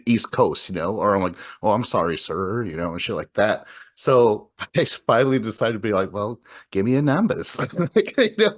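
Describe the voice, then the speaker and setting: A man tells loose, profane stories on a casual podcast, breaking into laughs as he goes. His voice sits a little low. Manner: profane storyteller, laughs often. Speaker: podcast co-host.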